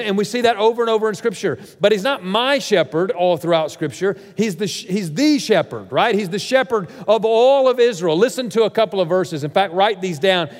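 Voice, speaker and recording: A man preaching a sermon, energetic and joking, often repeating words as he drives a point home. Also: high voice, in a large hall. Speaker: pastor.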